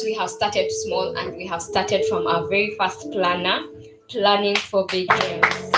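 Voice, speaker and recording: Woman from East Africa, speech at a launch, animated, middle pitch, roomy echo. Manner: animated, quotes herself in raised pitch. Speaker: founder speaking at a product launch. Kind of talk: speech to a live audience. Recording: echoey hall with faint music.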